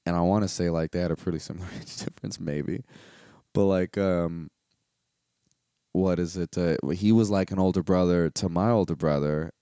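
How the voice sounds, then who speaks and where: Rambling young man, low dry voice. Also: fairly even intonation, normal speed, mellow, clean tone, dry recording. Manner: rambling, candid, profane, full of fillers. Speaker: podcast host. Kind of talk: casual solo podcast monologue.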